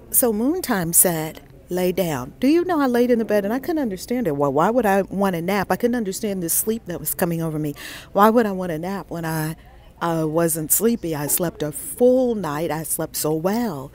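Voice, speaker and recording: A woman's voice: mid-range voice, lively intonation, moderate pace, a little mellow. A woman hosting a casual live stream from inside a bookstore, talking to viewers on a handheld phone, effusive and repeating herself as she greets them by name.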